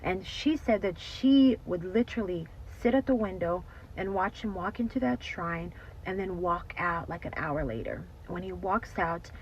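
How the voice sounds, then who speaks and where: A woman telling a story in a casual, animated way, full of "like" and "you know". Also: fairly low pitch, moderate pace, muffled recording, a little hiss or hum. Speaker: storytime host.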